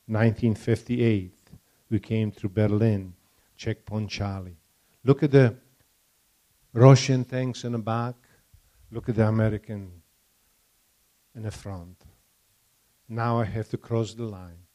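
A man's voice: lowish voice, steady tone, takes it slowly, pauses often, warm tone. An older man from Poland with a Polish accent and broken English, giving a testimony to a church audience and stopping to put questions to the listeners.

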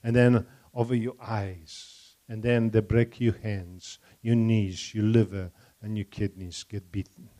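A man's voice: fairly low pitch, little pitch movement, a little slow, mellow. An older man from Poland with a Polish accent and broken English, giving a testimony to a church audience and stopping to put questions to the listeners.

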